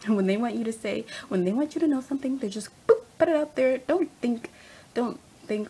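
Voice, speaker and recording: A young woman ranting casually as a fan vlogger, animated and rambling, laughing often. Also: medium pitch, normal speed, a little hiss or hum, poor audio. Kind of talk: casual rant.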